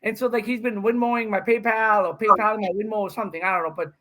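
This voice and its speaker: Middle-aged guy from india, loud joking podcast guest, curses a lot, laughs between stories. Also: high-pitched, fairly even intonation, fast, rough recording. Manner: brash, joking storyteller who swears and laughs often. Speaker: podcast guest, senior pickleball pro. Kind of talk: casual podcast chat.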